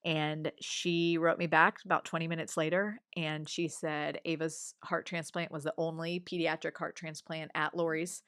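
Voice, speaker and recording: A woman's voice: deep voice, moderate pace, hardly any pauses, clear, resonant tone, dry recording, studio quality. A woman in her forties, a guest on an interview show, telling a personal story conversationally and acting out what others said. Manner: animated storyteller, acts out others' remarks.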